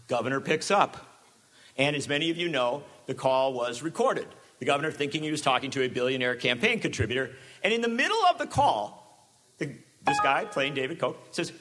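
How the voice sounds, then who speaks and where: Sarcastic, animated male speaker. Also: a little high, a little fast. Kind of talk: public talk to an audience.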